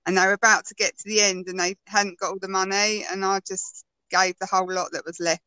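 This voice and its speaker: Bright, chatty woman. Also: medium pitch, flat delivery, a little fast, clear, resonant tone, no room sound, poor audio. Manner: chatty storyteller, laughs often. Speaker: guest. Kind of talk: casual conversation.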